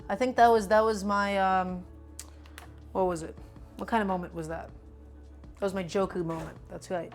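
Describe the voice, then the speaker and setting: A woman's voice: mid-range voice, steady tone, moderate pace, pauses often, faint music behind. A woman streaming live while cooking, chatting to her viewers and hamming up her small annoyances for laughs. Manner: mock-dramatic grumbling, playful.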